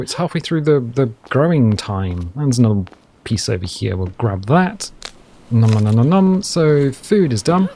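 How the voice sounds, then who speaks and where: A man's voice: medium pitch, mellow, a little hiss or hum. Chatty man narrating his gameplay. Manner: chatty, rambling, hums and asides while playing. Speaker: let's play host. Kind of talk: casual gameplay commentary.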